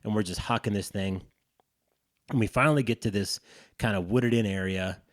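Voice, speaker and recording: A man co-hosting a podcast, telling an animated, profane story in casual chat. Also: on the low side, normal speed, dry recording, studio quality. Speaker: podcast co-host.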